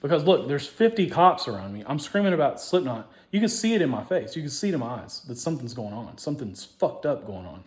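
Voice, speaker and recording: A man telling a long personal story in a rambling, profane way, restarting and repeating himself, dropping to mutters and rising to loud outbursts. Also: mid-range voice, sing-song, fast, few pauses. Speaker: show host.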